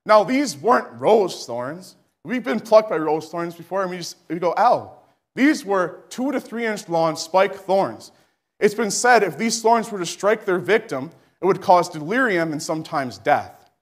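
Man, preacher, sermon, fervent, rising to shouts, slightly high pitch. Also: animated, a little slow.

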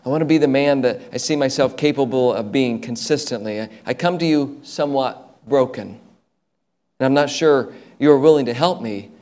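A man preaching a sermon as an animated story, acting out the lines of the people in it. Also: mid-range voice, moderate pace.

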